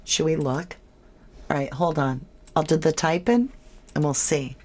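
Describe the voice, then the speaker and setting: A woman's voice: low-pitched, a little slow, darkish tone. A woman hosting a casual true crime livestream, reading viewer comments aloud and chatting with them as "love".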